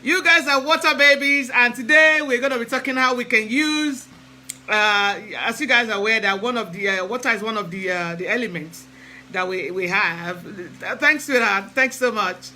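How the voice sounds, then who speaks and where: A high-pitched man with a very bright, sharp tone talks casually on a live stream. He speaks hesitantly, pausing often with fillers, and greets his viewers by name in a chatty way. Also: low-quality recording. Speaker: spiritual practitioner hosting a live stream. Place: lives in England.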